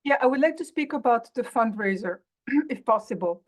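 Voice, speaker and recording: A woman on a video meeting describing a fundraiser in a halting way, stopping to clear her throat. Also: on the high side, animated. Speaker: fundraiser organizer. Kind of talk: casual meeting update. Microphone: video call.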